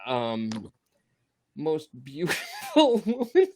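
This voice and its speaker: A man's voice: on the high side, huge pitch swings, very slow, a crowd in the background. A tipsy man on a livestream, gushing and rambling with swearing and laughter. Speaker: livestream guest. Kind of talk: emotional tipsy livestream chat.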